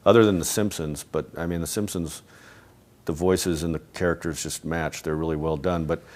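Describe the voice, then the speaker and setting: A middle-aged man with a very low voice, answering questions in a relaxed interview at home. He rambles, restarts his sentences and chuckles softly as he goes. His talk is loose and conversational, not polished. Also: moderate pace. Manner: rambling, with many restarts and soft laughs. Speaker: interview guest, animator and voice actor.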